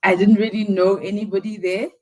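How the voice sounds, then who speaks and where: A woman hosting a live stream in casual talk, halting and teary, often sighing and pausing. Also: medium pitch, little pitch movement, a little mellow, low-quality recording. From South Africa. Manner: halting, with many sighs and pauses. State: teary, close to crying.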